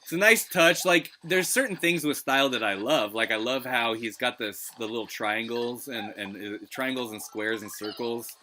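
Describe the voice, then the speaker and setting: A man's voice: medium pitch, moderate pace, few pauses, pushed and bright. A man streaming retro gameplay live, rambling in casual chat and swearing freely. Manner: rambling, swears, lots of restarts. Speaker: gaming streamer.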